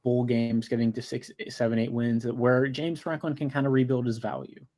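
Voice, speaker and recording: Male co-host, casual joking sports banter, easy everyday pitch, rambling delivery. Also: little pitch movement, normal speed, a little mellow. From United States.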